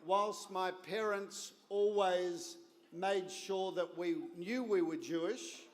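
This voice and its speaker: An Australian man in his fifties giving a speech at a gala dinner, telling a story with deliberate, wry comic timing. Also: sits high. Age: 50s. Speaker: guest speaker at a gala dinner. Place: large banquet hall. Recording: reverberant hall.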